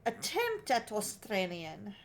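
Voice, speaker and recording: A woman's voice: medium pitch, huge pitch swings, takes it slowly. A woman livestreaming her crochet work, chatting casually in a put-on Scottish accent and thinking aloud as she wonders if she is doing it right. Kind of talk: casual live-stream chat.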